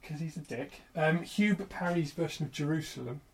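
A young man in casual comedic chat, telling rambling animated stories as co-host. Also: on the high side, a little fast, slight background noise. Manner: rambling, animated storytelling with put-on voices. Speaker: podcast co-host.

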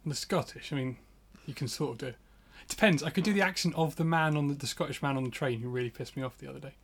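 Husky joking man. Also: fairly high pitch, quick pace. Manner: joking, rambling, animated storytelling. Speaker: podcast co-host. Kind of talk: casual chat. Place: home.

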